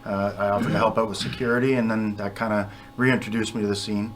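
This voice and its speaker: A man's voice: fairly low pitch, steady tone, fast, faint music behind. A man guest on a radio show, telling stories in a chatty, self-deprecating way and laughing often. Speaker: band member guest. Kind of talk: casual radio interview storytelling.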